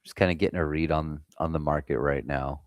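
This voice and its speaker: A man's voice: very deep voice, fairly even intonation, brisk, dry recording, studio quality. An American man hosting a live trading stream, chatting casually and swearing freely while reading the chat. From United States. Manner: loose, profane, chatting with viewers.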